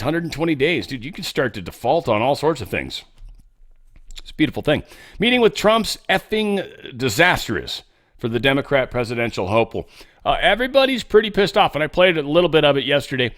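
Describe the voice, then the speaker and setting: A man's voice: medium pitch, fairly bright tone. A male host talking through the day's news in a loose, unscripted way. He rambles, curses bluntly and trips over his own sentences as he goes. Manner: rambling, blunt, swears, frequent restarts. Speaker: political commentary host. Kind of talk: casual news commentary.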